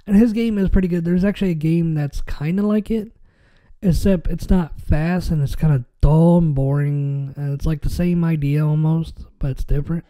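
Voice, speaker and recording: A man's voice: fairly high pitch, moderate pace, dark tone. A man hosting a podcast in casual chat, rambling with many fillers and restarts, his nose a little stuffy. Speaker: podcast host.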